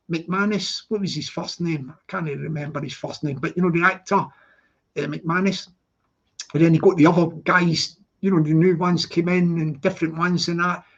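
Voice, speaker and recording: A man's voice: high-pitched, a bit bright. A man hosting a casual livestream, chatting to viewers in the chat and teasing them, calling them darling. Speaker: livestream host. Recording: dull lo-fi stream audio.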